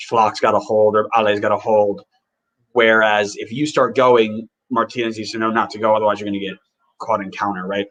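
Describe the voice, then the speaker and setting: A man hosting a podcast, rambling casually and reacting excitedly while he watches a match live. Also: on the low side, brisk, muffled recording. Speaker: podcast host.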